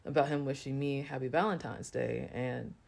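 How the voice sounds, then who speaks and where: A woman's voice: rumbling low, fairly even intonation, normal speed, gravelly, a little mellow. A woman telling a personal story to camera in a loose, chatty way, full of fillers. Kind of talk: casual storytime monologue.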